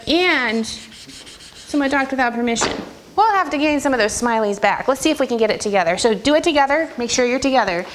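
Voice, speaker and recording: A woman music teacher leading a first-grade class, firm and clear, sometimes breaking into a sung or high voice to show a rhythm. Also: slight background noise.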